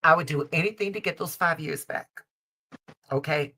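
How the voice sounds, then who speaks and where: Speaking low and at a moderate pace, a middle-aged woman from Chicago runs a live-stream tarot show through a streaming call setup; her tone is bright and forceful with a breathy edge. She hammers points home by repeating herself, addresses listeners as honey and baby, and doesn't hold back on salty language.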